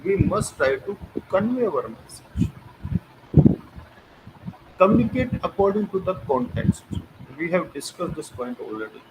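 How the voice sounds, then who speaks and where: A man's voice: sits high, very animated, measured pace, long pauses. A man with an Indian English accent giving an online lecture as a teacher, emphatic, posing rhetorical questions and repeating key phrases. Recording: noisy recording with clicks.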